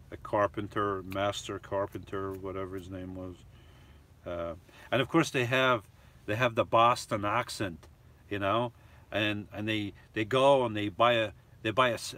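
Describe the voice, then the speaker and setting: A man's voice: fairly low pitch, sharp tone, slight background noise. A man hosting a live stream from a camper van, reading viewer comments aloud and chatting about them in a loose, rambling way.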